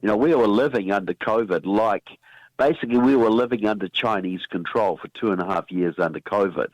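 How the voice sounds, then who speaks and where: A very low-voiced man with a New Zealand accent, talking as an expert guest on a radio show. He presses his points hard and doubles back on his words to stress them. The sound is dry and close, with no room around it. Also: brisk, dry recording, highs cut off. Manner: emphatic, repeats words as he builds a point. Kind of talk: radio interview.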